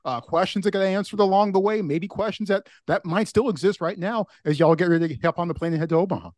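Sports show host guy, kinda high voice, dry mic, chill questions. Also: fast, darkish tone, no echo. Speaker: podcast host. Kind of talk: casual interview questions.

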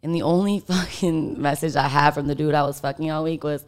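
Smooth-voiced young woman telling a blunt story. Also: deep voice, fairly even intonation, fairly quick. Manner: candid, profane, heavy use of filler "like". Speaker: guest. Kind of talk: casual storytelling.

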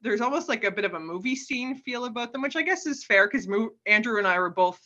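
A woman's voice: on the high side, animated, fast talker, bright, forceful tone, dull audio. A woman guest telling stories in a casual, chatty way, often adding "like" and "right?" and laughing. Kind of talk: casual storytelling.

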